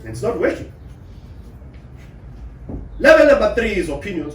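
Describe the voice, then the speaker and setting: Give me a South African man giving a lively motivational talk, high-pitched, recorded from a distance in an echoey room. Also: normal speed, long pauses. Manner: animated, acts out quoted voices. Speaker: relationship speaker. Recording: echoey room, distant mic, faint hum.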